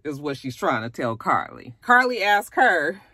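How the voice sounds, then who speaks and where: Recap vlogger, candid and salty, chatty asides, bright tone, dry close sound. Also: medium pitch, sing-song, unhurried, slightly rough, no echo. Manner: candid, blunt and profane, chatty asides to viewers. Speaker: YouTube recap host. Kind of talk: casual reality TV recap.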